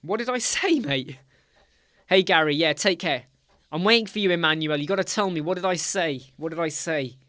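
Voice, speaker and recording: A middle-aged British man hosts a relaxed live chat, chatty and teasing as he calls out viewers by name. His voice sits a little high for a man. The sound is close and dry, with no room around it. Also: moderate pace, no room sound. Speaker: livestream host.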